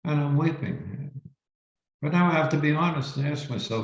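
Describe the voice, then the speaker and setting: A male reverend giving a spiritual teaching talk, telling a story slowly and reflectively with emphatic pauses. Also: a little high, animated. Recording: roomy, dull lo-fi recording.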